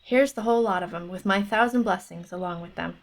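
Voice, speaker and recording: A woman's voice: lowish voice, fairly quick, gravelly. A woman reading a fond country mother. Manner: fond, blessing tone. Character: doting country mother seeing her son off.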